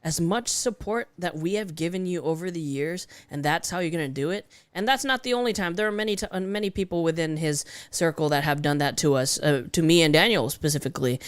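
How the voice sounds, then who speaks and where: Co-host, frustrated and blunt, reads super chats, dry close sound. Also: male voice, fairly high pitch, fairly quick, hardly any pauses, clear, resonant tone, no echo. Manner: frustrated, swears, reads viewer comments. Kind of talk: casual podcast chat.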